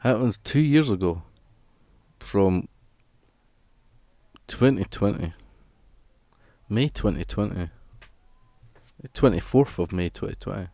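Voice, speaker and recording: A man's voice: lowish voice, expressive, slow, pauses often, dark tone, dry recording. A man hosting a live stream, chatting casually with his viewers in a rambling, jokey way.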